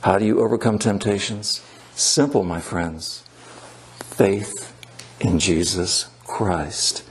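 A male priest preaching a sermon in church. He is emphatic, repeats his key phrases and slows down to stress his points. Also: deep voice, slight background noise.

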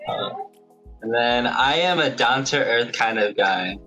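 A man's voice: medium pitch, animated, slow pace, music in the background, rough recording. A teenage boy reading his list aloud over a video call, hesitant and full of ums. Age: teens. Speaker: student volunteer.

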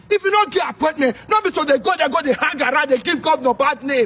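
This Nigerian Pidgin speaker, a man from Edo State, delivers ranting commentary in a very high, shouting voice with a sing-song scolding lilt. He's animated and fast, barely pausing, recorded on a distant mic with faint background noise.

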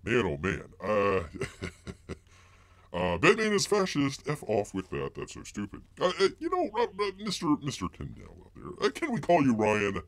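A man's voice: mid-range voice, wildly swooping pitch, normal speed, dry recording. A man hosting a live-stream news commentary, rambling and mocking, full of filler words, who speaks of himself in the third person. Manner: heavy filler words and restarts.

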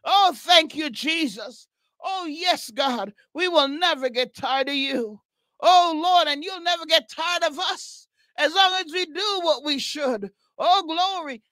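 With an extremely high, sharp voice on a dry recording, a woman leads an impassioned prayer and exhortation. She cries out repeated praises and breaks into tongues.

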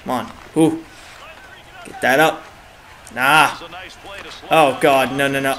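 A young man giving excitable live commentary on his own video game match, groaning and cheering at each play, his throat a bit dry. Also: mid-range voice, slow pace, pauses often. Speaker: gaming channel host.

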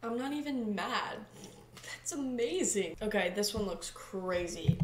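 Young female vlogger, playful and amused, mid-range voice, echoey room recording with clear background noise. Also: medium pitch, unhurried. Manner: playful, giggly, reads chatbot replies aloud. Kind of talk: casual comedic commentary.

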